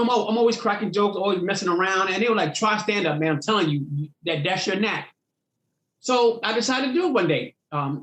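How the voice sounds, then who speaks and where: A man who does stand-up tells his stories with lively acted-out voices. His voice sits high for a man. The room around him rings with echo. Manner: animated storyteller acting out voices. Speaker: comedian guest. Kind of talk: storytelling interview.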